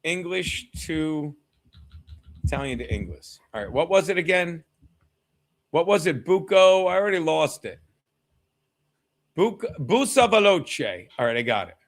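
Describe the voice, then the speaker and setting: A man hosting a casual sports watchalong live stream. He reads chat aloud, laughs a lot, swears freely and sometimes shouts at viewers. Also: fairly high pitch, expressive, moderate pace.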